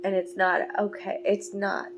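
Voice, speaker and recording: A woman's voice: mid-range voice, completely flat delivery, a little slow, background noise. A woman reading tarot cards for her viewers in a casual, rambling, affectionate way, teary and emotional. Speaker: tarot card reader.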